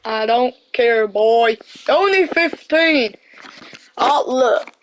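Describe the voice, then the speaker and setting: A woman's voice: a little high, very slow, pitched below the performer's own voice. A woman putting on a stern, scolding dad. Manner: firm, scolding. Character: stern, protective father. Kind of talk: game role-play.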